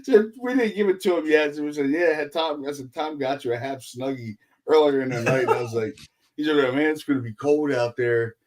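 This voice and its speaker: A man in casual podcast chat, a paranormal investigator telling profane, animated stories and acting out quotes. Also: a little high, fairly quick.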